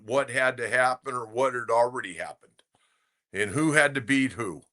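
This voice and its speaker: Older male sports-radio host, bright, chatty, opinionated storyteller. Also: medium pitch. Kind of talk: casual sports talk commentary.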